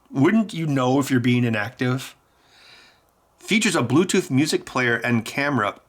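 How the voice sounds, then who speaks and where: A man hosting a casual vlog, animated and jokey with frequent laughter. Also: mid-range voice, measured pace. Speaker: tech YouTuber.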